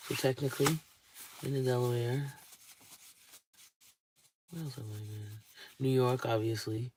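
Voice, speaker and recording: A young man talks casually to his camera, wandering from thought to thought as he thinks aloud. His voice sits at an everyday middle pitch, with a faint hiss of noise behind it. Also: fairly even intonation, measured pace, long pauses, a little mellow. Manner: rambling, thinking aloud while listing places. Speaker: vlogger. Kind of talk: casual vlog chat.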